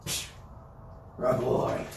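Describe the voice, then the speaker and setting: A man's voice: very slow, slight background noise. A man chatting casually on a live stream, coaxing his dog in a playful sing-song way. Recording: echoey, roomy sound with faint ambience.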